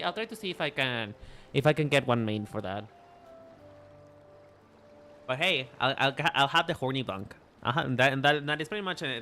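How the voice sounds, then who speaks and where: A male VTuber chats casually with his viewers while livestreaming a game, his mid-range voice carrying a sharp tone. He's playful and teasing, often repeating himself and restarting his words.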